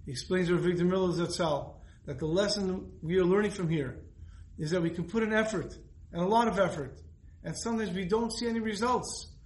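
A man's voice: high voice, a little fast, roomy sound, rough recording. A man teaching a Torah lesson, telling stories earnestly and repeating phrases for emphasis.

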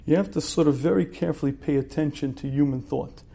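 This is a man teaching religion casually, his voice somewhat high. He throws out rhetorical questions, clears his throat at pauses, and keeps the tone conversational and informal.

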